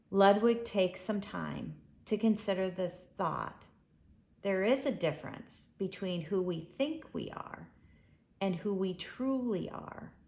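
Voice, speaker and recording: A woman reading her own children's story aloud in an expressive, unhurried way. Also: medium pitch, vocal fry. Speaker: author reading her book. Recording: echoey room.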